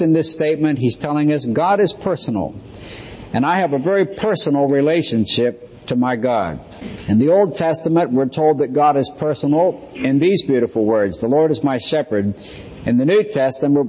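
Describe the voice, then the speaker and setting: A man teaching a sermon-style Bible lesson in a measured, explanatory way, slowing down to stress key phrases. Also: mid-range voice, darkish tone, husky. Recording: reverberant hall.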